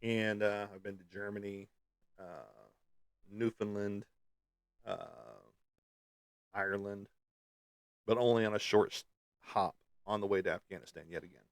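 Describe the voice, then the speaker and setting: A man's voice: fairly low pitch, fairly even intonation, measured pace, pauses often, no echo, clean studio sound. A middle-aged man from the United States chatting casually as a podcast host, rambling with many ums and uhs. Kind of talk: casual chat.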